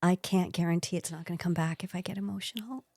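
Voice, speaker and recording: A woman's voice: on the low side, fairly even intonation, quick pace, a little mellow, dry recording. A woman co-hosts a podcast in loose, joking conversation and laughs easily. She talks right into a close mic. The sound is dry, with no room around it. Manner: playful, jokey, laughs easily. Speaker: podcast co-host. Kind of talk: casual chat. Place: home podcast setup in Toronto. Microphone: mic held close to the mouth.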